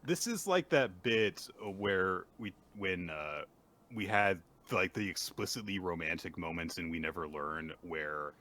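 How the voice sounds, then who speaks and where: A man co-hosting a casual manga recap podcast, animated and often acting out characters' lines in high put-on voices. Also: measured pace. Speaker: podcast co-host.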